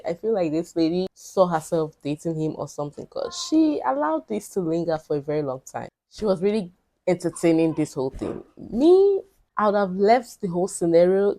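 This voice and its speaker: A woman giving calm, opinionated reaction commentary on a story. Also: fairly low pitch.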